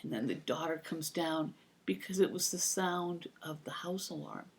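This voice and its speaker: A woman's voice: low-pitched, normal speed. A woman in her fifties telling rambling personal stories to her computer mic, acting out the voices of the people she quotes. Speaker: vlogger. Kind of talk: casual anecdotal storytelling.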